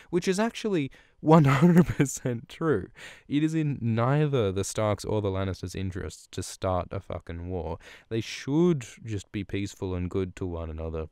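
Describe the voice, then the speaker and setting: A man's voice: on the low side, expressive, moderate pace, warm tone, clean tone, no echo, clean studio sound. A man hosting a podcast, casually recapping a book chapter in a rambling, profane way with many restarts. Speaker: podcast host.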